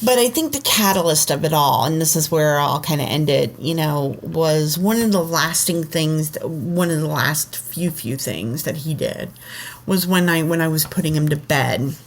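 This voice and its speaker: A woman's voice: sits low, moderate pace. A woman co-hosting a podcast, telling a personal story in a loose, rambling way full of "like" and "you know.". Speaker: podcast co-host. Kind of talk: casual storytelling chat.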